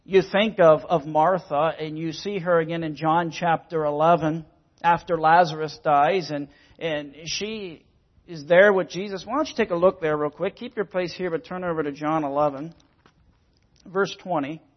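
High-pitched guy preaching a sermon, earnest, kinda muffled lo-fi sound. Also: steady tone, normal speed. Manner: earnest, emphatic preaching with repeated words. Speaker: pastor.

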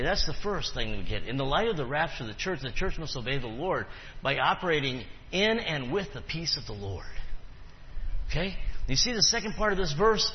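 A man's voice: on the high side, a little hiss or hum. A pastor preaching a sermon to his congregation, quizzing them with questions and repeating key phrases for emphasis. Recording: reverberant hall, dull lo-fi sound.

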